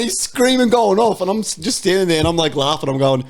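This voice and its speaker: A man's voice: high-pitched, big pitch swings, fast, gravelly, a little hiss or hum. A man on a podcast panel, telling a story in casual chat, swearing and laughing often.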